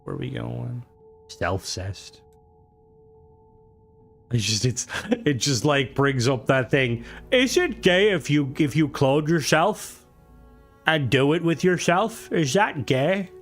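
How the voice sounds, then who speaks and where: A man streaming a game, chatting casually in a rambling, sweary way that keeps breaking off and restarting. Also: lowish voice. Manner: rambling, sweary, self-interrupting. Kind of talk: casual gaming stream chat.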